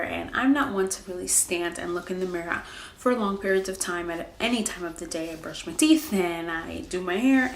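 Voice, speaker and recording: A woman's voice: medium pitch, vocal fry, slight background noise. A woman in her twenties chatting candidly in a casual vlog, full of likes and ums. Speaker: vlogger. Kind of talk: casual pregnancy update vlog. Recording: echoey room with faint ambience.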